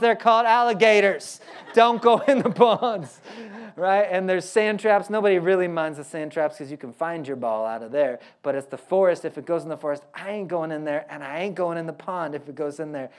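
A man's voice: sits high, clear, resonant tone. A man with an Oklahoma accent preaching a sermon in a folksy way, with joking asides and key lines repeated for emphasis. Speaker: pastor.

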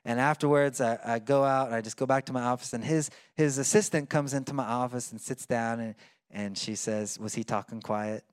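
A man's voice: mid-range voice, a little fast, clean tone, dry recording, clean studio sound. A man preaching a sermon in a conversational way, with fillers and restarts. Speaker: pastor.

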